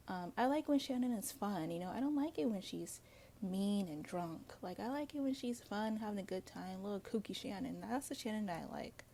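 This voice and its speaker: Woman host, gravelly mellow voice, blunt gossipy solo commentary. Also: mid-range voice, a little hiss or hum. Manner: blunt, gossipy, swears freely; chatty with frequent fillers and asides. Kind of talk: casual solo commentary to viewers.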